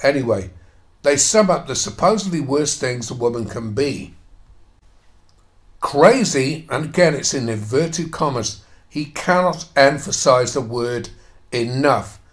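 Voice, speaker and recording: A man giving a ranting commentary on an article he reads aloud. He is sarcastic and swears heavily while mocking the quoted lines. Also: medium pitch. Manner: angry, sarcastic, heavy swearing; reads quoted passages, then mocks them.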